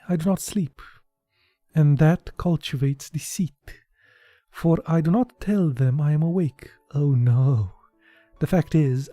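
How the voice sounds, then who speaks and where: A man from Romania with a Romanian accent, reading a short story aloud in a slow, deliberate way and breaking off into casual asides. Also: on the high side, dark tone, dry recording.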